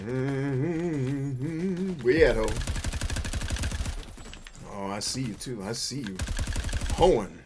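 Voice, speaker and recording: A man hosting a gaming show, riffing through casual gameplay commentary, boisterous and playful, full of slang and swearing, with sudden loud outbursts. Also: medium pitch, extremely slow, pauses often, noisy background. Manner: boisterous and playful, bursts into loud shouts and laughter.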